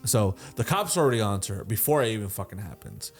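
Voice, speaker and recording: Young guy, low voice, cussing his way through a story, super casual podcast vibe. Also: quick pace, faint music behind. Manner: swears constantly, animated retelling, keeps asking "right?". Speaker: podcast host.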